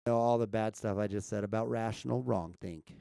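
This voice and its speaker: A man's voice: on the low side, fairly even intonation, brisk, gravelly, warm tone, clean tone, no room sound, clean studio sound. A man chatting casually with viewers on a live stream, checking his mic and asking the chat questions as he talks. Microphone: streaming mic at home setup.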